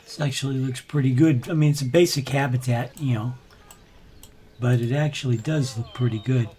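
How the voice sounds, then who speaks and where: An older man with a gravelly voice, casually commentating as he plays a game, now and then clearing his throat. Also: mid-range voice, moderate pace. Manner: relaxed, chatty, frequent throat clearing. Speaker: gaming channel host. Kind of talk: let's play commentary.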